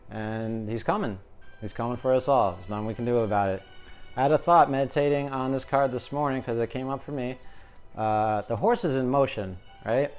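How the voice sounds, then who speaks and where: A man doing a relaxed tarot card reading for his viewers. He jokes and rambles as he talks, in a voice of ordinary pitch. Faint music plays in the background. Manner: jokey, chatty, talks to viewers as collective. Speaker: tarot reader.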